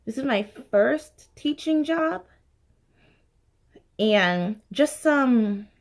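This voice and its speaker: A woman in her late twenties giving speaking tips in a casual vlog, chatty and expressive, with lots of "like" and "um" fillers and the odd swear. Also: high voice, extremely slow. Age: late 20s. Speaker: actor sharing speaking tips. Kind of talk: casual talking-to-camera vlog.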